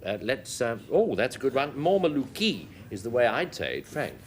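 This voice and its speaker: A man chairing a panel game show with a brisk, wry manner. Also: mid-range voice, sing-song. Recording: noisy 1980s TV studio with audience.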